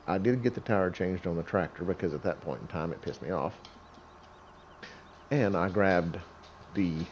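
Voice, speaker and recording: A man's voice: low voice, darkish tone, slight background noise. A middle-aged man who hosts a gaming channel, telling a rambling story about himself over gameplay, folksy and chuckling often.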